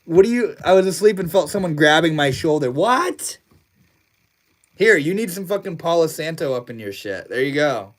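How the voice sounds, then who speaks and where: This young male livestream host talks loosely, laughing often and packing his speech with slang and swearing. His pitch is fairly high, and he sounds animated and brisk, with hardly any pauses.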